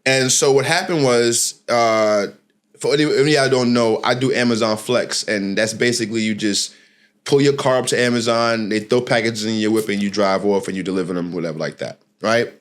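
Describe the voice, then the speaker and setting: A middle-aged man hosting a podcast, telling a personal story in a casual, slangy, animated way and often restarting his phrases. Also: lowish voice, fairly quick. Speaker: podcast host.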